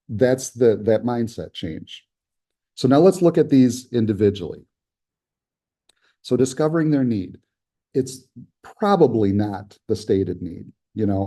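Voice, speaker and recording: A man's voice: medium pitch, moderate pace, warm tone. A man giving a conversational lecture as an instructor, often acting out short quoted complaints and replies. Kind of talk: lecture on conflict resolution.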